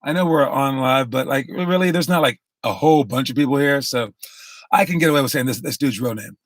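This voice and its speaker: A man's voice: mid-range voice, fairly quick, dry recording, clean studio sound. A man who coaches basketball, talking casually on a live stream, lecturing through a story and acting out the quotes.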